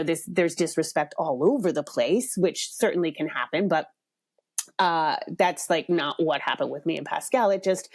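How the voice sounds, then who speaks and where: Chatty middle-aged woman podcast host. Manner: chatty, laughs often, quotes people with lively jumps in pitch. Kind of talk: casual storytelling.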